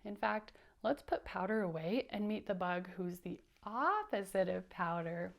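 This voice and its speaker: A woman teacher giving a storytime lesson for young children, animated and asking them to repeat after her. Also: medium pitch, a little slow, vocal fry.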